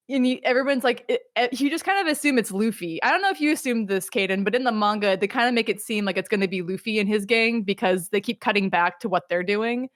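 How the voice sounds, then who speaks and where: A woman's voice: medium pitch, a little fast, few pauses, fairly bright tone, dry recording, studio quality. A young woman hosting a podcast, chatting casually and animatedly, peppering her talk with "like" and slipping into silly character voices. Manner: heavy use of filler "like". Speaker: podcast host. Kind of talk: casual chat.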